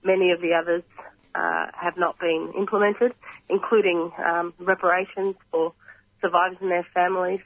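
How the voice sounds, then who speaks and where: Australian man, croaky, high-pitched, flat and measured delivery; phone-line guest for a radio interview. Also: no echo. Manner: earnest, measured, frequent pauses and throat clearing. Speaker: reconciliation organisation representative. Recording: tinny phone line, dry.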